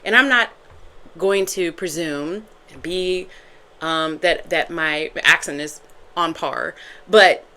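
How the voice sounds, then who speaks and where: A woman's voice: low-pitched, slow pace. Chatty, rambling woman tarot reader. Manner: chatty, rambling, animated with laughs. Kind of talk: casual tarot reading to viewers.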